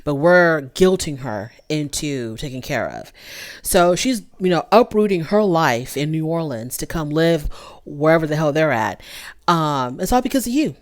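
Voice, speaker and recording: Female host, low-pitched, chatty gossip recap to camera. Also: unhurried. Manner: animated, gossipy, talks straight to viewers. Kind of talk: casual chat review.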